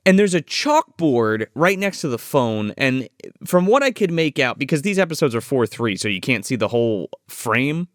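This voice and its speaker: Male podcast co-host, casual, profane, animated pitch, dry close sound. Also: normal speed, dry recording. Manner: swears freely, laughs, recaps scenes playfully. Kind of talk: casual film review chat.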